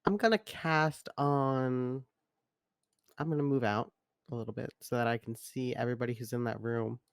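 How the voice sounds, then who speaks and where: A man's voice: medium pitch, steady tone, normal speed, creaky, no echo, clean studio sound. A man playing a tabletop game, thinking aloud hesitantly as he plans his turn. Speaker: player. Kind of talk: casual tabletop play.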